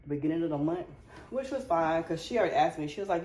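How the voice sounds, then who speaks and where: In her home kitchen, a mother and wife who vlogs about lifestyle chats casually and confidingly with viewers as she cleans and cooks. Her voice is low, expressive and fast, with a darkish tone, some reverb and slight background noise.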